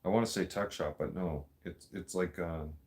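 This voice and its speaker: A man with a very low voice tells stories in loose, casual chat. He talks bluntly, swears freely and laughs as he goes, like a podcast host riffing with no script. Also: steady tone, normal speed, a little mellow. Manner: blunt, profanity-heavy, laughs often. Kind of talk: casual storytelling.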